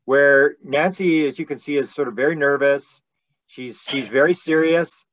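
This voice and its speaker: A man's voice: a little high, normal speed, no echo, dull audio. A man hosting a casual talk, telling a funny story with lots of laughter and repeated words. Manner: animated, laughs often, stammers and repeats words. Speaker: host. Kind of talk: casual storytelling on a video call.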